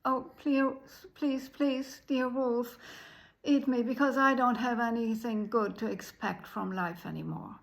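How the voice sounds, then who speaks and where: A woman's voice: a little high, steady tone, unhurried, vocal fry. A woman voicing a poor, desperate little girl who pleads for help. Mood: despairing.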